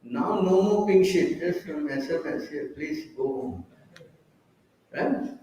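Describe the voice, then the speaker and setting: A man preaching slowly and deliberately in a scripture class, stopping often to quiz and tease his listeners. His voice sits a little high for a man. He is recorded from a distance in a very echoey temple hall. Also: lively intonation, warm tone, muffled recording, slight background noise.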